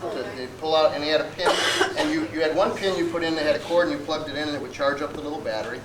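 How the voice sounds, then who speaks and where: A man's voice: a little high, racing. A man casually telling a funny story at a birthday gathering, laughing as he talks. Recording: echoey hall with loud crowd noise.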